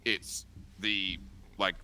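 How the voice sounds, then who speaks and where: A man's voice: sits low, flat delivery, drawn-out words, sharp tone, a little hiss or hum. A young man in casual chat, laid-back and rambling, with some swearing. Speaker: podcast guest.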